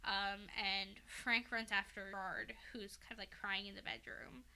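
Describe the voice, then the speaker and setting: Recapping a fan fiction on her podcast, a woman rambles casually, swearing freely and relying heavily on "like" and "um." Her medium-pitched voice is clear and resonant yet creaky, pushed and bright, delivered flatly and unhurriedly.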